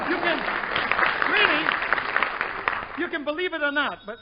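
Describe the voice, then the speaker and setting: High-voiced wisecracking radio comic. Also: male voice. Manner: wisecracking, punchy delivery. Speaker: comedian host. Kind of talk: 1940s radio comedy. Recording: muffled old radio with studio audience and hiss.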